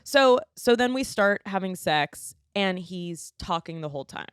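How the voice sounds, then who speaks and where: A woman's voice: medium pitch, lively intonation, unhurried, clean tone, no room sound, clean studio sound. A woman on a podcast as a guest comedian, telling a frank, bawdy story in casual chat.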